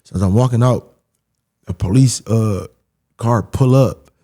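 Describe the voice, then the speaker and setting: A young man, a podcast guest, telling a story in a casual, animated way, leaning on "I'm like" and repeating himself as he talks. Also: on the low side, unhurried. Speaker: podcast guest, former pro boxer.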